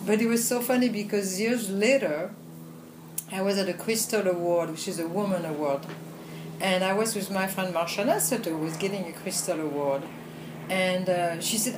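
Woman, French accent, older, lively anecdotes, laughs often, roomy echo. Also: fairly low pitch, normal speed, background noise. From France. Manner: animated anecdotes with frequent laughs and "you know". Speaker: film editor and director, guest. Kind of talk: conversational interview storytelling.

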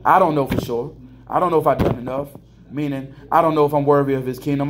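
A middle-aged American truck driver venting in an emotional, preachy vlog monologue indoors at a terminal, sliding between low mutters and high emphatic bursts. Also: male voice, fairly even intonation, quick pace, background noise. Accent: American English.

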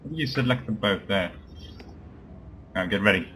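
A man's voice: lowish voice, moderate pace, pauses often, bright, forceful tone, slight background noise. A man giving casual, joking commentary while playing a video game, chatting to his party members and swearing now and then. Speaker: let's play commentator.

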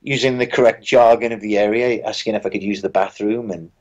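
A British musician guest in a casual interview, telling dry, wry anecdotes with frequent restarts. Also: male voice, fairly low pitch, steady tone, brisk, darkish tone, dull audio. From Britain.

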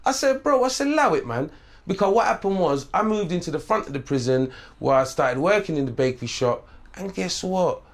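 A middle-aged man from St Vincent speaks in a slightly high voice, a lilt. He tells his story in an animated way, swears freely and acts out the people he quotes. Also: brisk. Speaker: interview guest. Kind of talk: casual storytelling interview.

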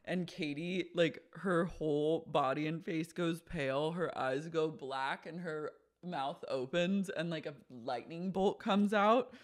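A woman's voice: sits low, unhurried, hardly any pauses, no echo, studio quality. A woman co-hosting a podcast, chatting casually and playfully about a reality show, acting out dramatic voices. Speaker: podcast co-host. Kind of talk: casual pop-culture recap chat.

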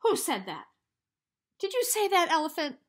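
A woman doing a loud, scoffing hippo. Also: fairly high pitch, very animated, slow pace, full character voice. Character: doubtful, quick-tempered male hippo.

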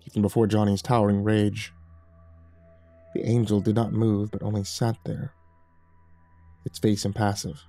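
A man reading a horror story aloud in steady, measured scripted narration. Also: fairly low pitch, no echo. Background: faint background music.

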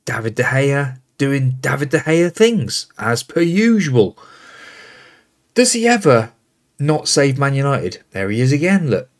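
A man's voice: medium pitch, sing-song, measured pace. Exasperated man commentating his football game. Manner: exasperated, calls out player names as play unfolds. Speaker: gaming host.

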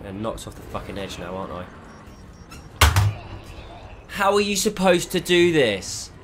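A man's voice: mid-range voice, big pitch swings, unhurried, very noisy. Swearing, frustrated gamer man. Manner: frustrated, heavy swearing, exasperated. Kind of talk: gameplay commentary.

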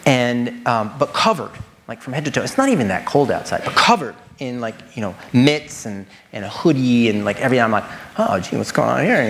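In a nutrition lecture, the male presenter is animated, peppering the audience with rhetorical questions and speaking to them directly. His voice is mid-range, and there's a little hiss or hum in the audio.

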